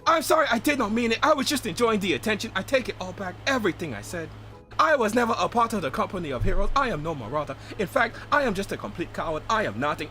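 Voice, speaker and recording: A man voicing a crude, boastful but cowardly male adventurer, loud and cocky in broken English, in a comedic reading of game dialogue. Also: high voice. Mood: groveling.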